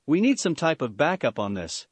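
A man's voice: fairly high pitch, big pitch swings, normal speed, husky, no room sound. A man voicing a serious, cautious young devil woman who speaks firmly. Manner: firm, sober.

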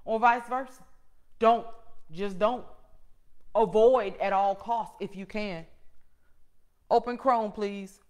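A middle-aged woman hosting her own show, preaching a personal testimony in an emphatic way that swings from loud to hushed. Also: medium pitch, takes it slowly, pauses often. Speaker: host and motivational speaker.

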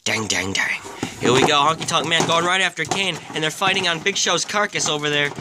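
Male host, slightly high voice, excitable mock play-by-play with dry jokes. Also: brisk, heavy background noise. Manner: excitable, exclaiming, deadpan asides. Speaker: host and mock wrestling commentator. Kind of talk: mock play-by-play wrestling commentary.

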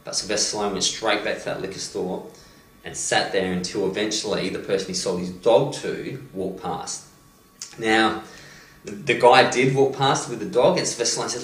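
A man, a motivational coach, retelling a story with animated delivery and many "you know"s and "um"s. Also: lowish voice, fairly quick. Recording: roomy echo, distant mic.

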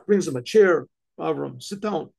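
A man voicing a stern, commanding king in a told story, gravelly and husky, dropping low and then booming out orders. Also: animated, normal speed, full character voice. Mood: earnest. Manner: dramatic, swells from low menace to loud orders.

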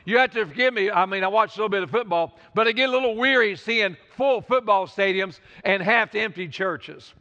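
A man's voice: high voice, brisk, hardly any pauses, sharp tone, big-room sound, lo-fi sound. A man preaching a sermon as pastor, fervent and repetitive, appealing straight to the congregation. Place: church sanctuary.

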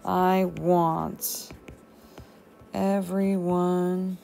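Woman teacher, slow musing delivery, gravelly low voice, soft music behind, mellow tone. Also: level tone. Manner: slow, musing, talks to herself as she writes. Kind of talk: thinking aloud while writing a journal demo.

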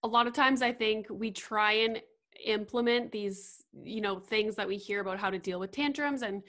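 A woman host of a parenting podcast, talking casually with her guest. She sounds conversational and agreeable, with a pitch in the middle range. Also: fairly even intonation, normal speed, fairly bright tone.

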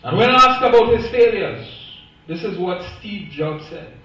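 A man's voice: sits high, animated, measured pace, dull audio. A man preaching a sermon as pastor, emphatic and stressing single words, recorded from a distance in a church. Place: church sanctuary. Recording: echoey church, voice from far off.

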